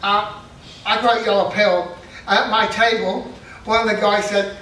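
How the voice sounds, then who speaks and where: A man's voice: high voice, flat delivery, normal speed, pushed and bright, far from the mic, a little hiss or hum. A middle-aged man doing self-deprecating stand-up comedy, with punchy joke delivery and laughing at his own jokes. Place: festival stage. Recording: echoey hall, mic heard from afar.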